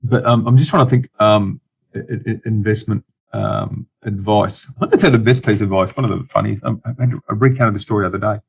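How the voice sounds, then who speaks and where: A man's voice: lowish voice, fairly even intonation, quick pace, vocal fry, slightly rough. A middle-aged Australian man, an investor guest in a casual interview, talking bluntly with many restarts and dry jokes.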